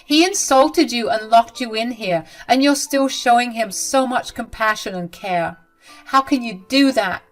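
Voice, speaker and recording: A woman's voice: a little high, measured pace, soft background music, pitched above the performer's own voice, lightly acted. A woman voicing a protective young bride who speaks emphatically and with outrage. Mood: indignant.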